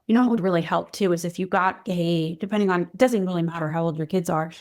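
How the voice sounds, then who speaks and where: A woman's voice: mid-range voice, fairly quick, few pauses. Earnest woman coaching parents on a podcast. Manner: earnest, coaching, often checks in with "right?" and "okay?". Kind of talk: solo podcast talk.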